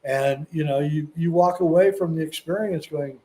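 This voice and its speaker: Male guest, mellow and slightly higher voice, relaxed and unhurried storyteller. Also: rough recording. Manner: relaxed storytelling with many fillers and restarts. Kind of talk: casual interview talk.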